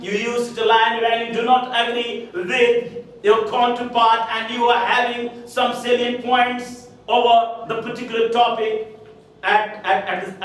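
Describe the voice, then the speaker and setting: A man's voice: very high voice, a bit bright, far from the mic. A man with an Indian English accent teaching a spoken English lesson, repeating set phrases over and over and checking with "correct?" and "okay?". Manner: repetitive, drilling phrases with rhetorical checks. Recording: very echoey room, voice from afar.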